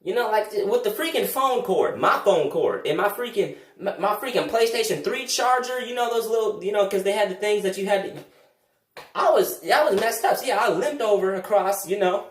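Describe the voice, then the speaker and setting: Animated young man telling a comedic story. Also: moderate pace. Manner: animated, swings between loud outbursts and low mutters. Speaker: vlogger. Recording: roomy, distant from the mic.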